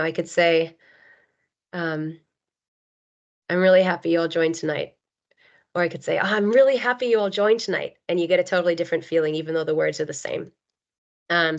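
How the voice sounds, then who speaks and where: A woman presenter in her thirties explains her material in an earnest, easygoing teaching manner, often pausing on ums and you knows. Her voice sits a little low. The sound is muffled and lo-fi, like a video call recording. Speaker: occupational therapist presenter. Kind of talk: webinar teaching talk. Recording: dull lo-fi video call audio.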